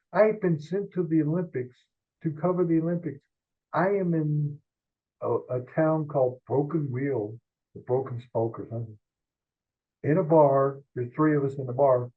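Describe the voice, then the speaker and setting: An older man, a veteran sports columnist, telling rambling, animated stories as an interview guest. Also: medium pitch. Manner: animated rambling anecdotes, quick asides. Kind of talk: storytelling interview. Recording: tinny phone-like line.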